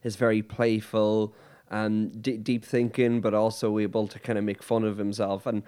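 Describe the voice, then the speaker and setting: A man's voice: fairly low pitch, flat delivery, normal speed, dark tone, clean tone. A man on a film chat show, talking casually with frequent restarts and repeated words. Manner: hesitant, repeats words, laughs often.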